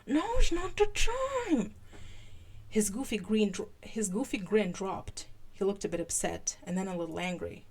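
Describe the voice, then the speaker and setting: In a mid-range voice, a woman hosting a podcast gives an animated live reading of fan fiction. When she steps aside to comment, her speech becomes halting.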